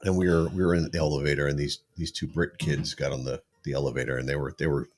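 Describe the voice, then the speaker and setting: A man's voice: extremely low pitch, steady tone, fast, soft background music. A man co-hosting a podcast, telling travel stories in casual chat and laughing often. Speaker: podcast co-host.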